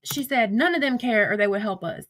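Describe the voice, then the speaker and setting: A woman's voice: on the high side, fairly bright tone, no echo. A young woman, reading texts aloud on a livestream in a heated, profane rant. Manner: heated, profane, rapid rants.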